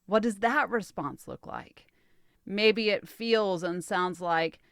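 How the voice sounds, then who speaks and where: A woman hosting a solo podcast, calmly teaching relationship skills in a measured coaching tone. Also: mid-range voice, no room sound, studio quality. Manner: calm, measured, coaching tone with light laughs.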